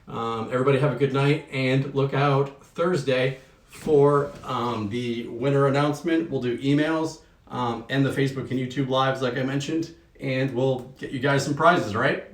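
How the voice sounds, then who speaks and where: In his bedroom at home, a young man from the Northeast US hosts a casual unboxing livestream, relaxed and rambling with lots of ums. He's sweaty and a little out of breath, speaking at a normal speed with a medium-pitched voice. The camera mic sits across the room, so he sounds far away in an echoey space.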